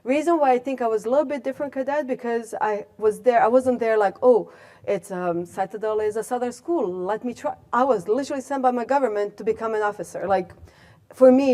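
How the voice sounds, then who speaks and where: A woman, telling a story in a talk to a room, animated and full of fillers. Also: mid-range voice. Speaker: guest speaker, alumna. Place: lecture room.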